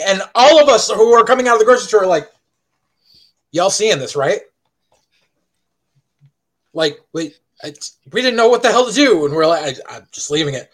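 A man telling a story on a casual podcast, animated and swearing freely. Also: high voice, normal speed, pauses often, rough recording. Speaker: podcast co-host.

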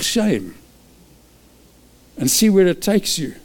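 A male pastor preaching a sermon, lively and chuckling, driving points home with short repeated calls to act. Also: fairly high pitch, unhurried, pauses often, breathy edge.

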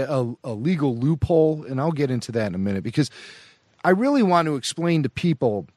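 A man's voice: mid-range voice, no room sound. Earnest male podcast reporter. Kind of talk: casual chat and report.

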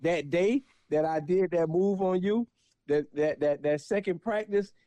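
A man's voice: high voice, measured pace, mellow, no room sound. A man in his forties from South Florida, a guest reminiscing in a casual chat, slangy and often repeating himself.

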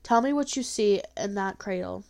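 A woman's voice: mid-range voice, normal speed, vocal fry, darkish tone, lightly acted. A woman reading aloud, voicing a stern, harsh-voiced old woman healer who scolds curtly. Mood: grave. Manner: scolding, curt.

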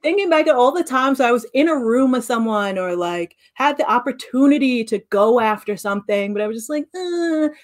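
A woman's voice: fairly high pitch, a little fast, few pauses. A woman in her late thirties co-hosting a podcast, telling stories in casual chat and acting out the voices she quotes. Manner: animated storyteller, acts out quoted voices. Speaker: podcast co-host.

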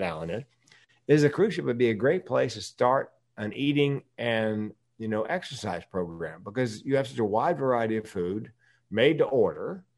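A man's voice: lowish voice, darkish tone. A man from the United States, a podcast guest, talking candidly in casual conversation and laughing often while telling stories.

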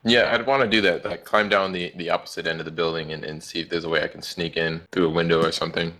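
A man's voice: low voice, fairly even intonation, quick pace, pushed and bright. A man playing a tabletop game, talking hesitantly and often restarting his sentences. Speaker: player. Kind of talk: casual tabletop play.

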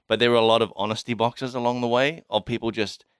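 Laid-back Kiwi guy co-hosting, clear bright voice, lots of "like" and laughs. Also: medium pitch, steady tone, fast talker, no room sound, studio quality. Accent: New Zealand. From New Zealand. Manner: laid-back, laughs often, filler-heavy. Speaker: podcast co-host. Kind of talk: casual chat.

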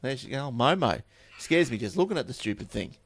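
A man's voice: medium pitch, very animated, fairly quick, creaky, slightly rough, no echo. Australian male podcast host, chatty news reader, offhand asides, dry close recording. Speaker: tech podcast host reading news stories. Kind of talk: casual chat and news reading.

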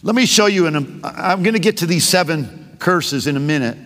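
A man's voice: on the high side, expressive, a little fast, fairly bright tone. A man preaching a sermon as a pastor, passionate and full of rhetorical questions. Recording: long reverb of a large hall.

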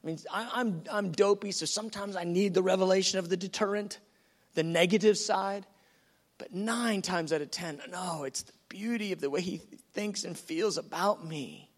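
A man with a notably high speaking voice delivers a teaching sermon. He talks in a lively, conversational way and acts out the lines he quotes. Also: moderate pace. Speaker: preacher.

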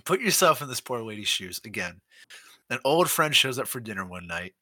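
A man co-hosting a casual movie podcast, animated and laughing as he acts out scenes. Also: mid-range voice, dry recording. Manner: animated, laughing, acting out scenes in quick voices. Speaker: podcast co-host. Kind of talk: casual movie-discussion chat.

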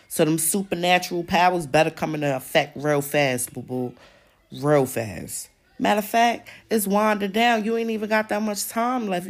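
Low gravelly woman ranting on her podcast, cussing and fired up. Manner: angry, profane, emphatic ranting. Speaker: podcast host. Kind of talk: ranting open-discussion monologue.

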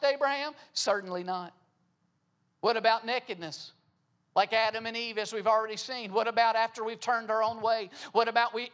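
A man's voice: extremely high pitch, fairly bright tone. A man preaching a sermon, asking rhetorical questions and repeating phrases for emphasis.

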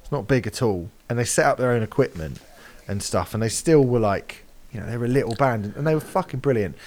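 A man's voice: medium pitch, lively intonation, quick pace, a little mellow. A man in his forties chatting casually on a podcast, telling a story with lots of animation and swearing. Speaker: podcast guest. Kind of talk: casual chat.

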